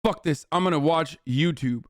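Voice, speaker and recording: A man's voice: on the high side, moderate pace, dry recording, clean studio sound. A man hosting a livestream and giving heated political commentary in a combative, profane rant. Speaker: livestream host.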